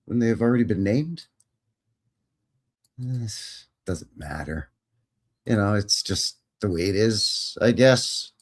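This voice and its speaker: A Canadian livestream host with a fairly low voice reads history text aloud at normal speed with few pauses. He drops in wry, folksy asides, saying "bud" and "eh" in his casual commentary.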